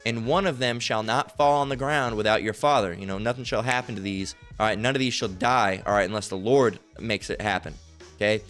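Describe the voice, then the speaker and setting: A man's voice: fairly low pitch, fairly bright tone, soft background music. Rambling, profane man teaching scripture. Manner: rambling, repetitive, profane, keeps asking "all right?"; reads scripture aloud slowly. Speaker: Bible teacher. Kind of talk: informal online Bible teaching.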